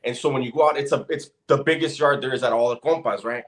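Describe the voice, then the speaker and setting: A man's voice: medium pitch, fast. A man telling a prison story in casual, profane chat, building up to the punchline. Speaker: podcast co-host.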